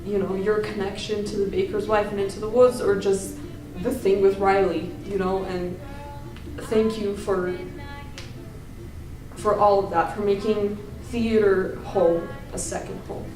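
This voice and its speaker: A young woman, a student, thanking her teacher in a warm, rambling tribute. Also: medium pitch. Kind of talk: heartfelt tribute speech. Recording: roomy, distant, music behind.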